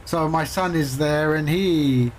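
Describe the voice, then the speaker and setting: Male streamer, high voice, casual rambling storyteller with chuckles. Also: takes it slowly, slight background noise, poor audio. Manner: rambling storyteller, chuckles often, acts out callers. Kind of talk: casual chat while streaming a flight sim.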